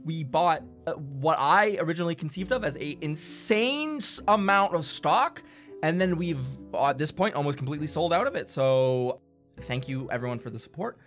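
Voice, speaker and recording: A man's voice: a little high, animated, normal speed, fairly bright tone, faint music behind. A man co-hosting a casual podcast chat as game master, rambling with lots of fillers, upbeat.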